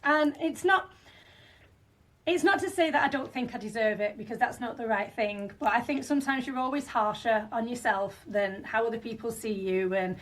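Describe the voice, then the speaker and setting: A woman's voice: a little high, normal speed, a bit bright, far from the mic. A woman in her thirties with a Northern English accent, a franchisee telling her story in a podcast interview, chatty with fillers and restarts. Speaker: franchisee guest.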